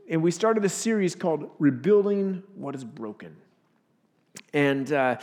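A man with a high voice preaches as a pastor. He tells his stories with animated delivery and acts out their voices. His voice reverberates through a large church hall. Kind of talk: sermon.

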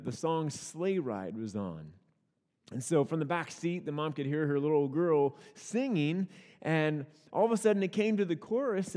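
A man preaching in a relaxed, folksy way, telling stories with lots of restarts and repeated words. His voice sits a little high for a man. It rings out with the long reverb of a church hall. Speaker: pastor. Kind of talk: conversational sermon with personal stories.

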